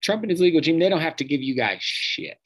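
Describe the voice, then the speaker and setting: A man's voice: on the high side, big pitch swings, fast, breathy edge, low-quality recording. A man hosting a podcast, delivering a profane, sarcastic political rant and mocking his targets. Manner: sarcastic, mocking, swears freely. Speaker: podcast host.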